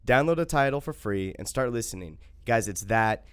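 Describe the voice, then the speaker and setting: A man's voice: medium pitch, expressive, normal speed, smooth, dry recording. A young man co-hosting a podcast, joking around and laughing often between ad reads. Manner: jokey, laughs often, loud bursts. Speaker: podcast co-host. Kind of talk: casual podcast banter with ad reads.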